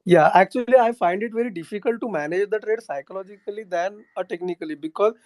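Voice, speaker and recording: A man's voice: high voice, fast talker, darkish tone, no room sound, clean studio sound. A man calling in to a live talk and explaining his trading struggles in an earnest, agreeable way. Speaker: caller. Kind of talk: casual chat.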